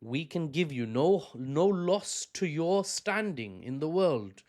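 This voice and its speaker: A man voicing a sly, flattering middle-aged Russian leader in a mock Russian accent, sweet-talking and wheedling. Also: fairly high pitch, slow, pitched above the performer's own voice. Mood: persuasive.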